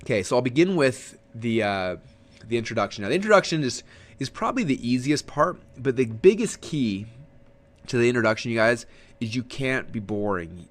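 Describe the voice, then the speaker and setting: A man giving a casual webinar lesson on marketing, talking with lots of energy and letting his voice swing high and low for emphasis, with frequent fillers and restarts. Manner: energetic, fast, swooping pitch for emphasis. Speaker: marketing trainer.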